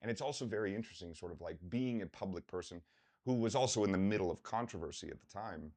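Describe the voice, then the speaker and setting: Male podcast host, low-pitched, casual and profane, animated storyteller. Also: fast. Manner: animated storyteller, swears freely, acts out quotes. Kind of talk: casual conversational interview.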